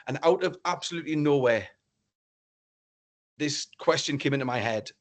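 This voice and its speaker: A middle-aged man, a business speaker, tells a story to an online audience in a lively way and acts out the dialogue with exclamations. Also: fairly high pitch, moderate pace.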